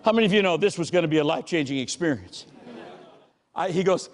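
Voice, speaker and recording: A man giving a motivational keynote talk, telling stories in a punchy, animated way and breaking into shouts and acted-out quotes. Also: on the high side, quick pace, a faint crowd. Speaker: keynote speaker. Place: large hall before a live audience.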